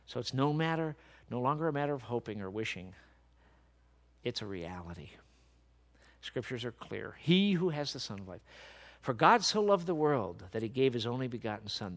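A man preaching a sermon, dropping to soft, low speech and then building to loud, emphatic peaks.

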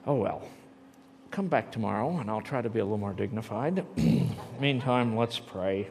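A middle-aged man teaching a theology class, lively and emphatic, swinging between quiet and loud. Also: medium pitch, a little fast. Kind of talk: animated classroom lecture and prayer. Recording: long reverb in a hall.

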